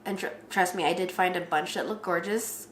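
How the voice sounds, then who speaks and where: A woman's voice: moderate pace, a little hiss or hum. Chatty young woman in an echoey room. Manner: animated, acts out quotes in a higher voice. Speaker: bride-to-be telling her story. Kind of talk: casual storytelling.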